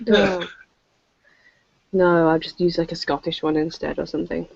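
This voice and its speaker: A woman's voice: lowish voice, steady tone, moderate pace, gravelly, a little mellow, no echo. English woman chatting on a video call, dry and muffled, laughs at herself a lot. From England. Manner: chatty, self-mocking, laughs often. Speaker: show regular. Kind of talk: casual chat on a video call. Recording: dull lo-fi call audio.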